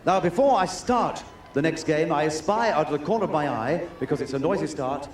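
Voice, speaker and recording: A man's voice: on the high side, fairly quick, reverberant. A man hosting an outdoor game show, speaking in a formal, theatrical way.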